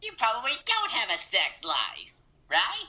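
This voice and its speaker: Young man as a nosy teasing sidekick, bright and animated. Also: very high-pitched, unhurried, voice pushed up, full character voice. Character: nosy pushy male sidekick.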